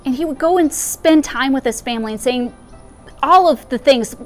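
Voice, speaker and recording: A woman's voice: sits high, lively intonation, moderate pace, faint music behind. A woman chaplain giving a spoken meditation, retelling a parable in a conversational way with personal asides.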